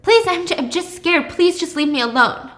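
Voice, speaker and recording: A woman's voice: very high voice, moderate pace, fairly bright tone, pitched above the performer's own voice. A woman voicing an obsessive young female stalker who pleads in a breathless voice and turns icy. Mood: pleading.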